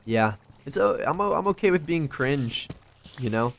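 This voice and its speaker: A man's voice: a little high, expressive, normal speed, vocal fry, slight background noise. A young man giving casual, rambling commentary while playing a video game, swearing a lot and making fun of himself. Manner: rambling, self-deprecating, swears often. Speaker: gaming vlogger.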